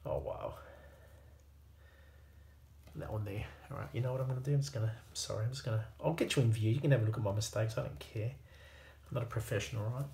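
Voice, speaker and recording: A man's voice: mid-range voice, fast talker, vocal fry, dark tone, reverberant, slight background noise. A man with an Australian accent chatting casually to himself and his viewers while working at a workbench, self-deprecating and easygoing. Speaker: hobbyist watchmaker.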